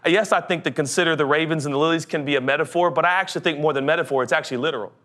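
Male pastor, young adult, animated sermon, fairly high voice. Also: rapid-fire. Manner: animated, comic voices, builds to urgent.

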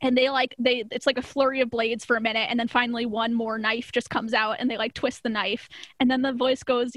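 A woman's voice: on the high side, a little fast, fairly bright tone, no room sound. A woman casually recapping a cartoon episode, chatty and often laughing mid-sentence. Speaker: podcast co-host.

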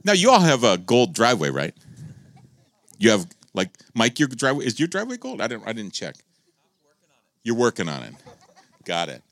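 A male pastor telling a story in a sermon, swinging between loud exclamations and soft asides. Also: mid-range voice, huge pitch swings, normal speed, pauses often, dry recording, clean studio sound.

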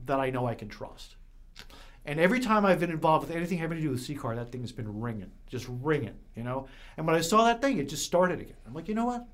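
A man talking casually and emotionally about his work, with frequent false starts and restarts. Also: fairly high pitch. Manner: emotional, rambling storyteller with many restarts. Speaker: guest, recovery center manager. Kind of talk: casual conversation.

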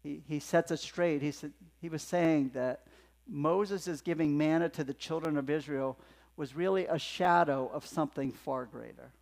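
A man preaching a sermon as pastor, emphatic and swinging between hushed and loud passages. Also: on the high side, moderate pace, vocal fry. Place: church sanctuary. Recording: long hall reverb in a church.

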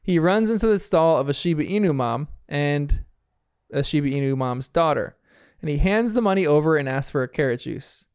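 A man's voice: fairly high pitch, lively intonation, moderate pace, a little mellow, clear, resonant tone, dry recording, clean studio sound. A man casually recapping a cartoon episode scene by scene, chatty and often laughing. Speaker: TV episode reviewer.

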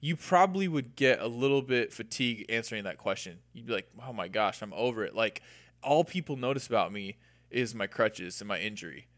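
A man's voice: medium pitch, lively intonation, brisk, fairly bright tone, dry recording. A man co-hosting a podcast, speaking earnestly and laying out long examples in a casual conversation. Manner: earnest, explains with extended examples. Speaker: podcast co-host.

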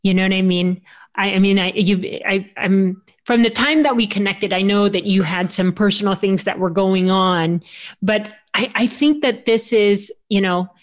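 A woman's voice: medium pitch, steady tone, moderate pace. A woman hosting a podcast interview, speaking hesitantly with frequent restarts and fillers. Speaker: podcast host.

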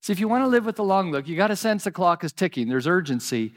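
A pastor preaching a sermon, earnest and animated, dropping to soft pleading repetitions. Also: male voice, sits high, quick pace.

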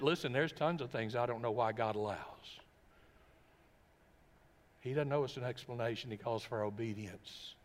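A man's voice: medium pitch, steady tone, fairly quick. Emphatic male pastor with a long hall echo. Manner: emphatic, full of rhetorical questions. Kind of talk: sermon. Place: church sanctuary. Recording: long reverb of a church hall.

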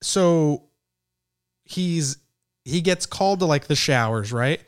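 A man's voice: a little high, lively intonation, takes it slowly, clear, resonant tone, no echo, studio quality. A man from San Jose, California, telling a comic story in casual chat, acting out the people he quotes and laughing often. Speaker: comedian guest.

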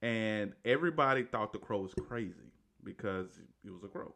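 A man's voice: lowish voice, lively intonation, moderate pace, gravelly, fairly bright tone. A man casually retelling a movie's story, rambling along with restarts, self-corrections and "right?" tags.

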